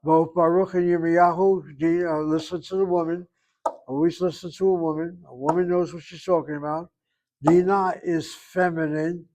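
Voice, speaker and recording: A man teaching a Hebrew grammar class, explaining word roots slowly and drawing out pronunciations, with dry self-assured asides. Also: on the high side, steady tone, darkish tone. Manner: slow, explaining, drawn-out pronunciations.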